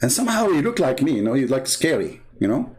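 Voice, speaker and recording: Talking fast in a darkish mid-range voice that swings widely in pitch, this Christian apologist hosts and spins a mocking, sarcastic, rambling story full of fillers. He's a native Arabic speaker from the Arab world with an Arabic accent.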